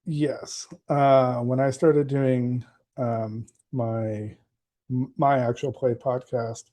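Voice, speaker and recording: Man, mellow dark voice, rambling chatty guest, lots of ums. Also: mid-range voice, level tone, slow pace. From United States. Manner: rambling, with many fillers and restarts. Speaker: game master and guest. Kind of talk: casual podcast conversation.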